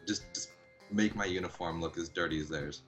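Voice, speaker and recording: A man playing a tabletop game, casually asking questions and describing what his character does. His voice is very deep. Faint music plays behind him. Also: fairly quick, a bit bright. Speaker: player.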